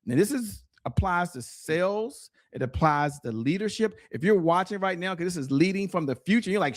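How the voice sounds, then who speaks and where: A middle-aged man tells stories as an interview guest with real energy, his voice sitting a little high and swooping up and down. He speaks straight to the viewers with the push of a preacher. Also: moderate pace, hardly any pauses. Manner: animated, preacher-like, addresses viewers directly. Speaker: guest, sales strategist.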